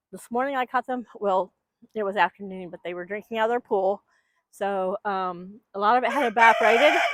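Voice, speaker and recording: She keeps chickens in her backyard and talks to them outdoors in a loose, rambling vlog chat over a microphone. Her voice sits at medium pitch, captured in a dry recording.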